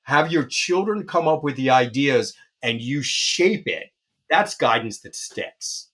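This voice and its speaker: A man's voice: mid-range voice, lively intonation, fairly bright tone, breathy edge. Emphatic male pediatrician giving advice. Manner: emphatic advice with many filler pauses. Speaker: pediatrician guest. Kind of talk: interview, giving parenting advice.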